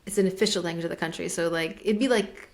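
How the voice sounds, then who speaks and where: A woman's voice: lowish voice, steady tone, fast. A woman co-hosting a podcast in casual chat, telling rambling stories and acting out the other people's lines, with lots of "like". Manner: rambling storyteller, acts out dialogue, frequent "like". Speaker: podcast co-host. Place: lives in German-speaking Switzerland.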